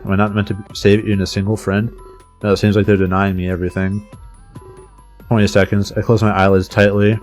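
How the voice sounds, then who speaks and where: A man's voice: fairly low pitch, darkish tone. A man streaming, reading a visual novel aloud in a dramatic voice with casual swearing asides.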